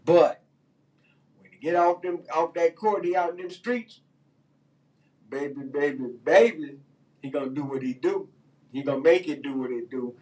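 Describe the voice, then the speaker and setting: A man's voice: a little high, a little mellow, distant mic, rough recording. A man hosting a radio talk show, ranting in loose, heated slang with lots of fillers. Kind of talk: casual opinion talk.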